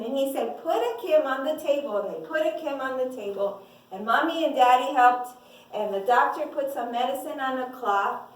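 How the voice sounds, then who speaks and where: A woman telling a children's mission story with lively, expressive delivery, asking the listeners questions. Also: high-pitched. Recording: echoey room, mic far off.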